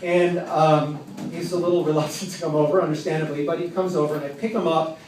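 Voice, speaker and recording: A man's voice: on the high side, little pitch movement, a little mellow. Wry man telling a story in a roomy bar. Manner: wry, self-mocking, halting delivery. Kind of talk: live personal storytelling at an open mic. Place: tavern with an audience. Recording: roomy, distant, faint background noise.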